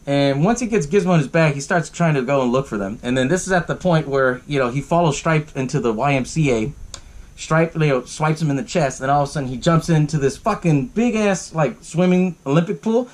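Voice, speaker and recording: A man's voice: on the high side, brisk. Profane, chuckling podcast host guy. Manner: profane and laughing, lots of fillers. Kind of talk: casual movie recap.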